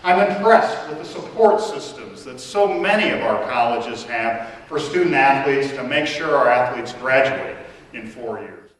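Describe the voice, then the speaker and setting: A man giving formal opening remarks at a conference as a college president, measured and pausing with fillers. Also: mid-range voice, expressive, a bit bright. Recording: echoey hall, distant mic.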